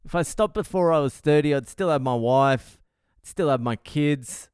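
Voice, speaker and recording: A man's voice: on the high side, moderate pace, darkish tone, smooth, no echo, studio quality. A middle-aged man, host of his own podcast, telling stories in a profane, rambling, jokey way. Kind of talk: casual monologue podcast.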